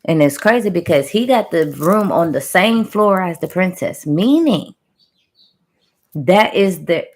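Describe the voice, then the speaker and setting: A woman with a fairly low voice tells a channeled story to her viewers in loose, chatty talk. She keeps it conversational and playful, with sound-effect words tossed in along the way. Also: expressive, unhurried. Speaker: spiritual reader telling a channeled story.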